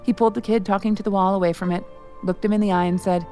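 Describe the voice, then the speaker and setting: A woman reading scripted audio drama narration in a steady, even manner. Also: mid-range voice, fast, faint music behind.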